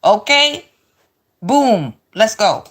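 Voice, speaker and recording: A woman's voice: mid-range voice, very animated, a bit bright. A woman in her forties chatting as co-host, sassy and emphatic, drawing her words out. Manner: sassy, emphatic, slow and drawn out. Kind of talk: casual chat.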